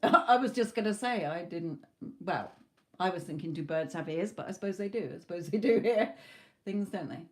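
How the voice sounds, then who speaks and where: A woman reading tarot on a live stream, talking to viewers in a blunt, animated way and swearing casually. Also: fairly low pitch, moderate pace. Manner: animated, acts out clients' panicked voices.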